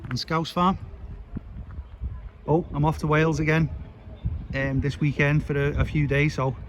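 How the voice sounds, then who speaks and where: A man's voice: fairly high pitch, level tone, a little slow, poor audio. A man narrating a casual walking vlog outdoors, chatty and rambling, with fillers. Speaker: vlogger. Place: outdoors on a street. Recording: outdoor traffic noise behind.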